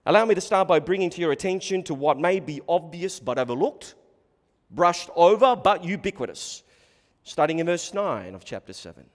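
A man's voice: on the high side, animated, moderate pace. A man preaching a sermon, earnest and emphatic, repeating his key points as he reads from scripture. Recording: long hall reverb.

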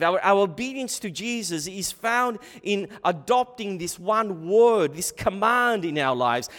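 A man's voice: sits high, fairly bright tone. A man preaching a sermon in an emphatic way, repeating and restarting words as he presses his point. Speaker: pastor. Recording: long hall reverb.

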